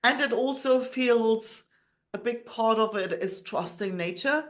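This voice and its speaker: A woman's voice: a little high, a little slow. Reflective woman hosting a podcast. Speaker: podcast host. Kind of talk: casual interview chat.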